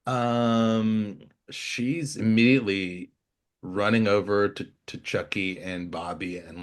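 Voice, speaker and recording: A man playing a tabletop game, quickly declaring what his character does. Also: fairly low pitch, fairly even intonation. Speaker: player.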